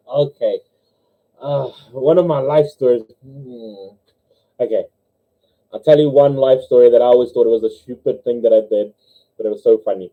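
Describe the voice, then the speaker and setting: A young man with a New Zealand accent, hosting a casual livestream, telling jokes and stories, giggling often and squeaking when he voices characters. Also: mellow. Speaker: livestream host. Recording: dull lo-fi livestream audio.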